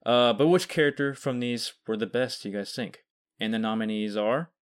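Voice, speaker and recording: A man's voice: medium pitch, moderate pace, smooth. A man hosting a podcast, announcing awards in a matter-of-fact way. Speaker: podcast host presenting awards. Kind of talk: casual podcast chat.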